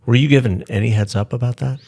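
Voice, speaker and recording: A man co-hosting a podcast, relaxed, asking short questions from a bit off the mic. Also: medium pitch, quick pace, vocal fry. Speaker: podcast co-host. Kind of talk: casual podcast interview.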